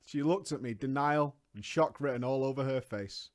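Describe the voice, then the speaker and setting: A man's voice: medium pitch, moderate pace. A man reading a story aloud and breaking into mocking asides, laughing often as he comments.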